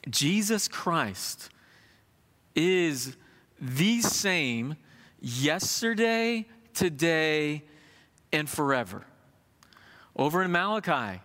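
A man in his thirties preaching a sermon in an animated, conversational way, with folksy asides. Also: fairly high pitch, long reverb tail.

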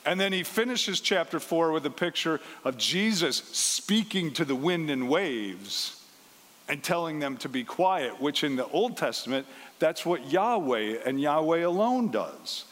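A man with a somewhat high voice delivers a Sunday sermon in an easy, conversational way. He slips into small acted voices for the people in the passage. His voice rings out with a long reverb, as in a large sanctuary. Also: very animated, unhurried, fairly bright tone. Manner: conversational, acts out the quoted lines. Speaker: pastor.

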